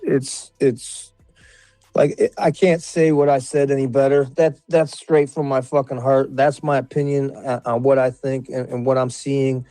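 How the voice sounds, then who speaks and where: A man's voice: flat delivery, unhurried, no echo, faint music behind. Furious, cursing man ranting. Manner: angry, profane, repeats himself, voice climbing high when shouting. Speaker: panel guest. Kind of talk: heated livestream panel rant.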